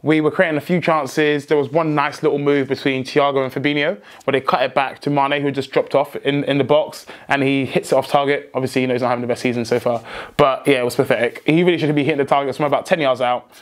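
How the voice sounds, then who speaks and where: A young man hosting a football fan vlog, talking excitedly with many restarts and outbursts. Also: mid-range voice, quick pace. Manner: excitable, rambling, frequent restarts, shouts in joy. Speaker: football fan channel host.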